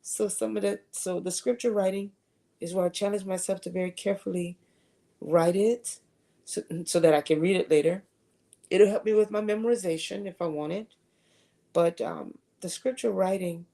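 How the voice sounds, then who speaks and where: A woman's voice: fairly low pitch, normal speed, warm tone. A woman giving a conversational faith talk at a retreat, sharing earnest personal testimony. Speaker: retreat speaker.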